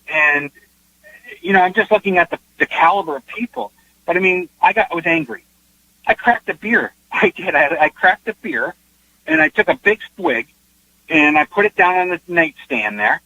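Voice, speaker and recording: Animated man with a gravelly, bright voice. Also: high-pitched. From Canada. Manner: animated, acts out quotes, restarts. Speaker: guest psychic. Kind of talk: casual storytelling interview. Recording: dull lo-fi online call audio.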